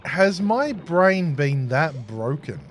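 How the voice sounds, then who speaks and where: Australian man, slow unhurried talk, slightly high voice, rambling casual stream chat, faint music behind. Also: big pitch swings. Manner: rambling, chatty, laughs at his own stories. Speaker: gaming streamer. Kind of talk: casual storytelling while gaming.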